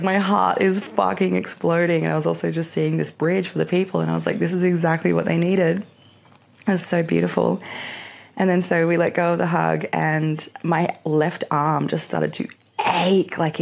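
Woman, podcast host, low voice, vocal fry, casual storytelling, chatty with lots of fillers. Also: darkish tone. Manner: chatty, many fillers, acts out her own reactions.

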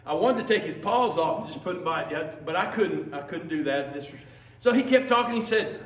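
A male pastor preaching a sermon in a lively, conversational storytelling manner. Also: a little high, a little fast. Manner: lively, conversational, acts out quotes. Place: church sanctuary. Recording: echoey church from a distance.

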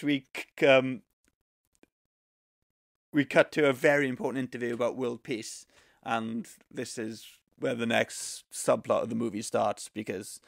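Podcast guy with a gravelly voice recapping a bad movie scene by scene, dry close sound. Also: medium pitch, dry recording. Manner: retells the plot at length, laughing at it. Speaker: podcast co-host. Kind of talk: casual movie recap chat.

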